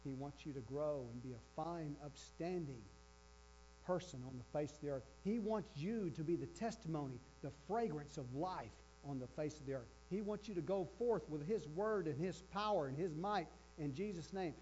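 A man's voice: a little high, expressive, normal speed, mellow. A man preaching a sermon with emphasis, repeating his key phrases. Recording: dull lo-fi with faint electrical hum.

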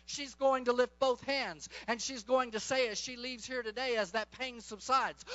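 A man's voice: very high-pitched, moderate pace, hardly any pauses, sharp tone. A middle-aged man preaching a charismatic sermon, fervent and commanding as he tells stories. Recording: dull lo-fi recording.

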